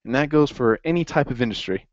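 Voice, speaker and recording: A man teaching an accounting class in a lively classroom lecture, quizzing students as he goes. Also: medium pitch, fast talker, no room sound. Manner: upbeat, asks the class questions. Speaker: accounting instructor. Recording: dry, dull lo-fi classroom recording.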